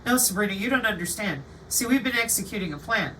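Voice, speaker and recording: A woman's voice: mid-range voice, animated, fast, sharp tone, slight background noise. A woman voicing a self-assured official who explains a plan in a patronizing, matter-of-fact way, heard from a slightly distant mic.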